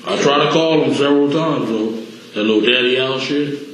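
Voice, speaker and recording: A man being questioned in a recorded police interview, telling stories in an animated, profane way and acting out what others said. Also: mid-range voice, fairly quick. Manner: animated storytelling, heavy profanity, acts out quotes. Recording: echoey room, faint hiss.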